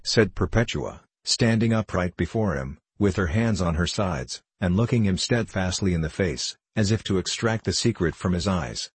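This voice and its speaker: A man narrating a classic novel in a measured, even reading from a close studio mic. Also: low-pitched, husky, no echo. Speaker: audiobook narrator.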